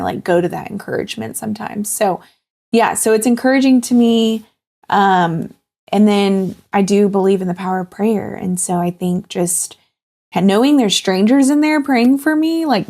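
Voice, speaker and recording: A woman in her thirties, a guest in an interview, talking in a halting, heartfelt way with many fillers. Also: medium pitch, darkish tone. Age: 30s. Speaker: guest sharing her cancer journey. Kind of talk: candid personal interview.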